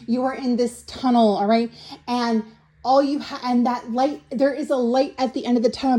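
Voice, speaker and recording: A woman's voice: fairly high pitch, dark tone. A young woman doing a casual tarot reading to camera, blunt and teasing, who keeps checking in with "okay?". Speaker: tarot reader.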